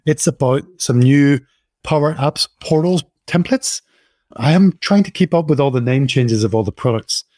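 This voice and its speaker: A man's voice: mid-range voice, expressive, normal speed, warm tone, no echo, studio quality. A man hosting a podcast, reading an upbeat intro and then chatting in a friendly, jokey way with his guest. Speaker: podcast host. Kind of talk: podcast intro and interview chat.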